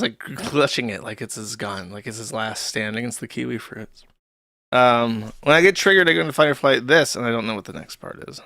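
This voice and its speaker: A man's voice: medium pitch, a bit bright, dry recording, studio quality. A man hosting a livestream, giving sarcastic, mocking commentary and swearing freely. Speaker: livestream host.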